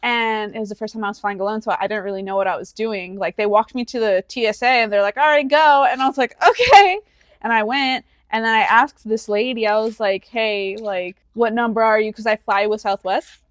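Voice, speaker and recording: A woman's voice: medium pitch, a little fast, hardly any pauses, dry recording, clean studio sound. Chatty young woman telling stories. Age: 20s. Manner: animated storytelling, acting out quoted voices, many fillers. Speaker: podcast co-host. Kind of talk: casual chat.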